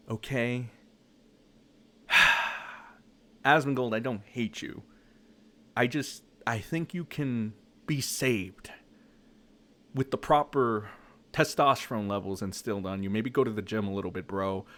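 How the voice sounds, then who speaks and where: A man's voice: mid-range voice, unhurried, a bit bright. A young man ranting aggressively into a desk mic, profane and mocking, as an online commentator. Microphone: desk mic, no camera.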